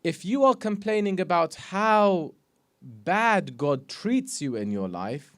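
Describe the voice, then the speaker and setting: Lively, higher-voiced man preaching. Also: slow. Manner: animated, earnest preaching with rhetorical questions. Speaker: sheikh giving a religious talk. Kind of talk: sermon. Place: mosque or community hall.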